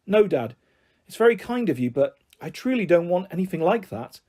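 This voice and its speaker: A man voicing a timid young girl who speaks softly and hesitantly. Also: high voice, big pitch swings, brisk, pitched above the performer's own voice. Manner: soft, hesitant, pleading.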